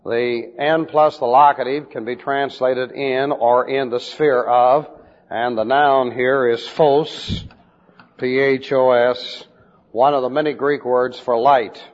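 A man preaching in a deliberate style, teaching Bible doctrine, and spelling out Greek words letter by letter. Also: medium pitch, steady tone. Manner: slow, deliberate emphasis on key phrases. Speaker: pastor. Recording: dull lo-fi recording with long hall reverb.

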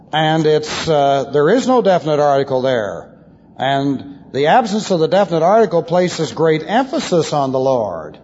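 A pastor's husky, fairly high voice carries through a big hall with a long echo. He teaches in a measured lecturing manner, spelling out Hebrew and Greek words letter by letter and tossing in dry asides. The old tape sounds dull and muffled. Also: a little mellow. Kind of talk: expository Bible teaching.

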